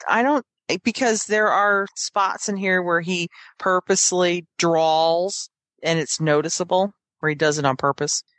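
A woman's voice: on the low side, fairly even intonation, measured pace, fairly bright tone, dry recording. A woman co-hosting a casual book discussion, retelling the plot with quoted lines and frequent laughter. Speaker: podcast co-host.

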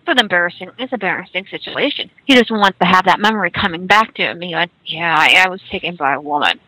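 A woman's voice: fairly low pitch, quick pace, bright, forceful tone, dry recording, poor audio. A woman co-hosting a casual podcast discussion, earnest, often restarting her thoughts. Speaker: podcast co-host.

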